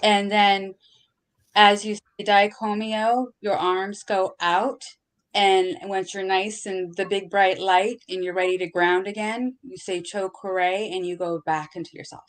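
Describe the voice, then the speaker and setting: A woman in a casual chat, explaining things slowly and carefully and laughing often. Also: mid-range voice, little pitch movement. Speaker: podcast participant.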